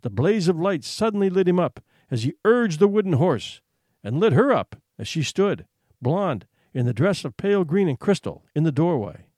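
Man reading a story with lively expression. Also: fairly high pitch, normal speed, no room sound, clean studio sound. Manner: expressive, suspenseful, hushed for tension. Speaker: narrator. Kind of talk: dramatic reading of a short story.

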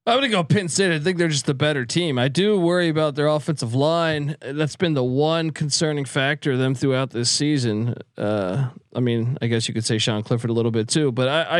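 A man's voice: medium pitch, dry recording, clean studio sound. A man co-hosting a sports betting podcast, giving blunt, confident picks. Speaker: podcast co-host. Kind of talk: casual sports betting talk.

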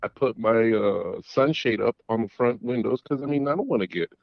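A man's voice: medium pitch, gravelly, dry recording. Middle-aged male caller, dull lo-fi call. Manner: rambling, halting, with many restarts and fillers. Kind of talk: casual storytelling. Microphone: phone call.

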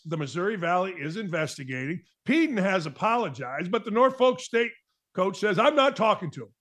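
A man's voice: high voice, a bit bright. A middle-aged man hosting a sports talk show, delivering a blunt, emphatic monologue with a mocking edge.

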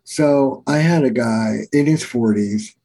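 An older man who works as a family therapist tells case stories slowly and warmly in a podcast interview, with a mid-range voice on a low-quality recording. Earnest and emphatic like a teacher, he keeps repeating his key phrases.

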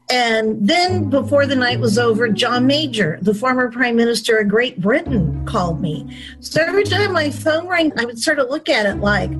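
Brisk woman storyteller, somewhat high voice. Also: rough recording. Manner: lively storyteller, brisk anecdotes. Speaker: former chief of staff, interviewee. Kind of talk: recounting memories in an interview. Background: music.

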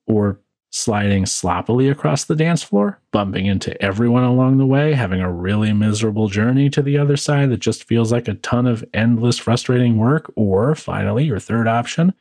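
With lively intonation at a normal speed, a medium-pitched man with a darkish tone hosts a podcast, reading his own reflective script as a philosophical monologue. Worn out from working late, he slips in wry, dry asides; no room sound is audible.

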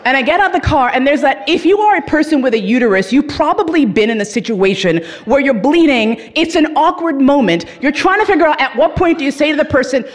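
A woman telling a comic story, swearing freely and laughing as she goes, with lively swings in her voice. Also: high-pitched, quick pace, hardly any pauses. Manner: profane, laughing through the telling.

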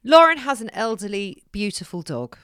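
A middle-aged woman co-hosting a podcast, chatting casually and telling animated stories. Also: medium pitch, moderate pace, clear, resonant tone, no room sound, studio quality. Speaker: podcast co-host. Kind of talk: casual chat.

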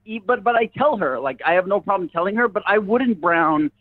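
A man's voice: sits high, animated, fairly quick. A man telling a rambling comedic story in casual chat, laughing often as he talks. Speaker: guest. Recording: dull lo-fi sound.

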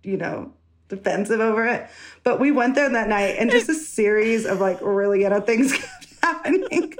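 A young woman from Denver, a podcast guest telling a story in an animated, laughing way. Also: a little high, moderate pace, slight background noise. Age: young adult. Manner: animated, laughing, acts out quotes. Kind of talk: casual storytelling.

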